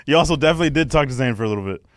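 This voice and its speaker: A man's voice: mid-range voice, expressive, racing, no room sound, clean studio sound. A man co-hosting a podcast in casual chat, laughing often and acting out other people's lines. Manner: laughs often while telling stories. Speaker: podcast co-host.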